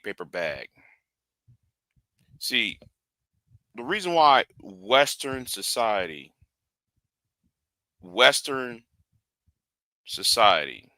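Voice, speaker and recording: A man's voice: lowish voice, bright, forceful tone, dry recording. A man hosting a livestream rant, lecturing his viewers and often repeating and restarting his phrases. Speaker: livestream host.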